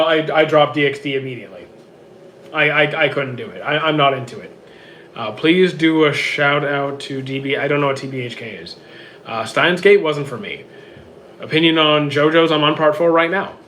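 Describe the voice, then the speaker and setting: A man with a hoarse, worn-out voice reads out viewer questions and answers them offhand in casual livestream chat from home. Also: a little high, moderate pace, fairly bright tone, slight background noise. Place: home with roommates.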